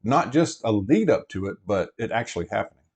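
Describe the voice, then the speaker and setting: A man's voice: fairly low pitch, very animated, fairly quick, a little mellow, slightly rough. Chatty man rambling. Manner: chatty, meandering, frequent fillers and restarts. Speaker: prepper vlogger host. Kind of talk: casual rambling vlog talk. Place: inside a truck.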